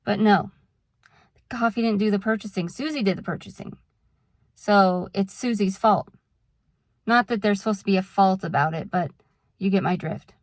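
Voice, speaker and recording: A woman's voice: medium pitch, moderate pace, pauses often, no echo, clean studio sound. A woman vlogger talking casually to camera, explaining things patiently with examples and drifting into a frank rant. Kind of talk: casual talking-head monologue.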